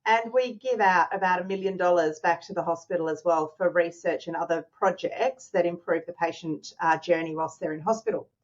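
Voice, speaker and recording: A middle-aged woman with an Australian accent, a charity chief, chatting warmly as an interview guest over a video call. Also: fairly low pitch, fairly quick, few pauses, dull audio. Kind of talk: casual interview.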